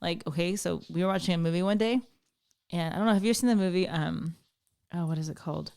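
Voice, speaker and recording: A woman with a low, slightly mellow voice talks at a quick pace as a podcast guest. It's casual chat, and she tells stories packed with fillers.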